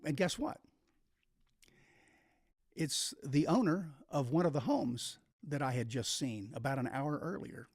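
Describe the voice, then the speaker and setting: Male solo host, emphatic and explanatory, somewhat high voice, dry close sound. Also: animated, a little slow, long pauses, breathy edge, no room sound. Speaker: videocast host.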